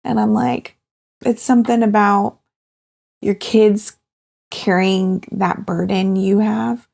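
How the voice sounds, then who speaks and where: A woman in her thirties, a guest in an interview, talking in a halting, heartfelt way with many fillers. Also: medium pitch, fairly even intonation, gravelly, a little mellow. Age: 30s. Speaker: guest sharing her cancer journey. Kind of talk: candid personal interview.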